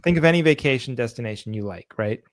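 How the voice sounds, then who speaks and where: A man co-hosting a casual comedy podcast, telling stories with energy and jumping into a higher voice to act out what other people say. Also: fast. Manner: animated storytelling, acts out others' lines in a higher voice. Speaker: podcast co-host.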